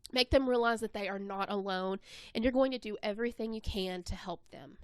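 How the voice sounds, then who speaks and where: A woman presenting an instructional webinar in an even, scripted narration. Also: medium pitch, fairly quick, smooth, no echo.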